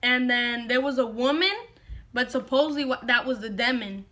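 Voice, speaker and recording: A woman's voice: on the high side, moderate pace, fairly bright tone. A young woman vlogger dramatically retelling a personal story to camera, repeating lines for effect.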